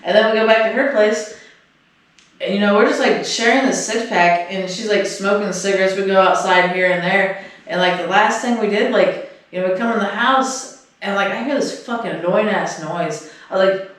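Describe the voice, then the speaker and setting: A man's voice: sits high, moderate pace, fairly bright tone. A man co-hosting a podcast, telling a story casually, rambling and swearing with lots of fillers. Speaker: podcast co-host. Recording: echoey room, distant mic.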